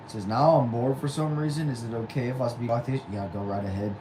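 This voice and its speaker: A man's voice: mid-range voice, fast talker, noisy background. A man, reading chat aloud on a casual livestream from a small back room at home and answering with dry, easygoing replies. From Texas. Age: 20s.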